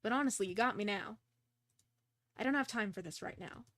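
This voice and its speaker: A young woman streams a detective game, chatting casually, reading the dialogue aloud, and second-guessing her choices with self-deprecating humor. Her medium-pitched voice is fairly bright and fairly quick, with no echo.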